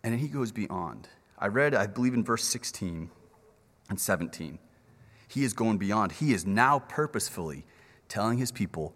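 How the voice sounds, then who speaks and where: A man preaching a sermon, animated and acting out the characters' lines in little voices. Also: on the low side, moderate pace. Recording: reverberant hall.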